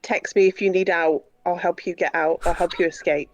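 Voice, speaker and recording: A woman's voice: on the low side, steady tone, fairly quick, darkish tone, highs cut off, faint music behind. A woman guest on a casual online video call, teasing and blunt. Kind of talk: casual online hangout chat.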